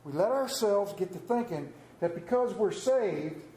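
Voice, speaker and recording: A man's voice: high-pitched, lively intonation, measured pace, warm tone. A man preaching a sermon as pastor, telling folksy stories and joking about himself. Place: church. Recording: echoey church room.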